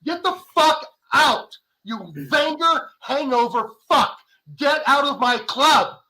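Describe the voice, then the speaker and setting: Furious high-pitched football fan. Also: male voice, animated, slow, poor audio. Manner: furious, swearing, shouting. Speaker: panel guest. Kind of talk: heated fan rant.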